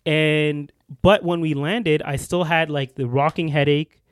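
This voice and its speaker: A man's voice: a little high, steady tone, unhurried, clear, resonant tone, no room sound. A young man co-hosting a podcast, telling a story in casual chat with lots of restarts and fillers. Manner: rambling with many restarts and fillers. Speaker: podcast co-host.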